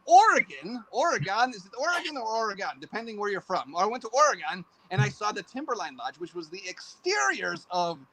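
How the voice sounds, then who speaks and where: A man talking as a guest on a casual podcast, animated and goofy, breaking into silly voices and mock outbursts. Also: sits high, fairly quick, few pauses, poor audio.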